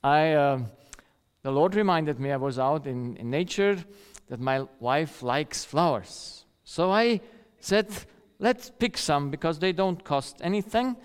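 A man's voice: on the high side, animated, unhurried, clear, resonant tone. A middle-aged man preaching a sermon, telling a personal story and sometimes acting out the voices of the people in it. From rural countryside. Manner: storytelling, acts out quoted voices, laughs often. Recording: long hall reverb.

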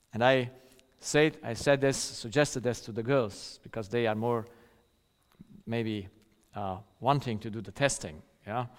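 A middle-aged man preaching a sermon, telling a personal story and sometimes acting out the voices of the people in it. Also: medium pitch. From rural countryside. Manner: storytelling, acts out quoted voices, laughs often. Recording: long hall reverb.

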